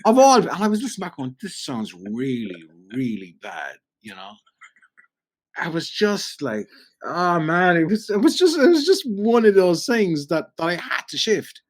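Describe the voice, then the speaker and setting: A middle-aged man with a Cork Irish accent, a radio broadcaster telling animated anecdotes in a casual chat and acting out the voices he quotes. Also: sits high, moderate pace. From Ireland. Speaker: podcast guest, radio broadcaster.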